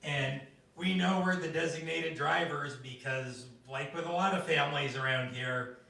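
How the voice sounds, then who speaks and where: A man doing stand-up at an open mic, telling stories in an animated way and jumping into high voices for the people he quotes. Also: moderate pace, gravelly. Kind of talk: stand-up storytelling. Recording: echoey room, from a distance.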